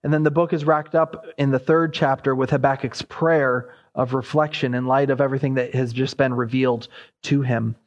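A man's voice: medium pitch, steady tone, moderate pace, dull audio. A man preaching an expository sermon, his voice rising sharply as he voices the prophet's cries.

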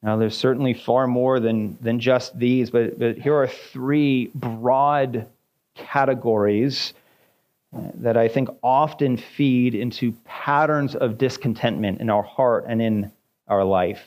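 A man preaching an expository sermon, teaching in a measured way with frequent filler sounds. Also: medium pitch, fairly even intonation, a little mellow. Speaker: pastor.

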